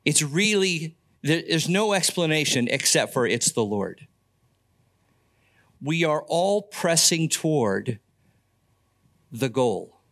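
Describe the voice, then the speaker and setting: A man's voice: fairly high pitch, fairly bright tone. An older man preaching a sermon as pastor, earnest, with folksy asides and stories about family.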